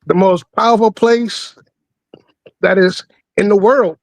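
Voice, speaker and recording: Slow, laid-back man on a dry mic. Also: sits high, fairly even intonation, darkish tone, no echo, poor audio. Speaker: guest. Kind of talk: casual group discussion.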